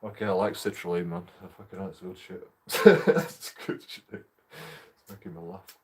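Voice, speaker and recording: A man's voice: sits low, little pitch movement, normal speed, slightly rough. A young man rambling casually to his camera, laughing through his words. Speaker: auditor vlogger.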